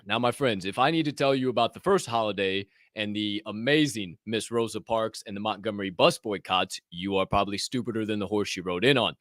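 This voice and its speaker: A man's voice: fairly low pitch, a little fast, hardly any pauses, a bit bright, no room sound, clean studio sound. A man hosting a podcast, joking and swearing casually, laughing at his own bits. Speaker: podcast host. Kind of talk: casual chat.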